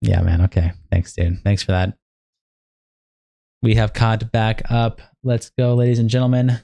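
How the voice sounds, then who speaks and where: A man's voice: lowish voice, level tone, unhurried, creaky, dark tone, dry recording, studio quality. A young man livestreaming, reading a long document aloud in a casual, profane, sleepy way with bursts of hype. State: sleepy, yawning. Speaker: streamer.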